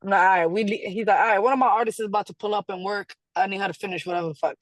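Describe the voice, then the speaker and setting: A woman being interviewed, telling a story in a casual, animated way, acting out quotes and laughing often. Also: medium pitch, racing, dry recording. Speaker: guest artist.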